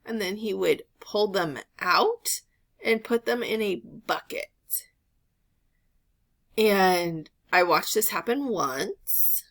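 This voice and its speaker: A woman's voice: mid-range voice, slow pace, a bit bright. A woman in her thirties chatting casually to camera, rambling through a story with lots of filler words. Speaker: reseller vlogger.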